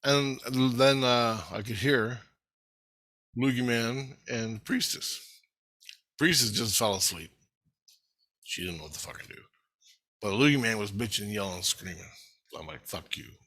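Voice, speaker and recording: A man rambling through a profane, animated story about his spiritual experiences. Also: fairly low pitch, a little slow, pauses often.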